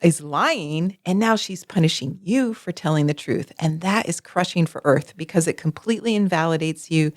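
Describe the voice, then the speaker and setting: A woman co-hosting a podcast, chatting casually and telling stories with expressive acted quotes. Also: lowish voice, moderate pace, few pauses, no room sound, clean studio sound. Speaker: podcast co-host. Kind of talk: casual conversational podcast chat.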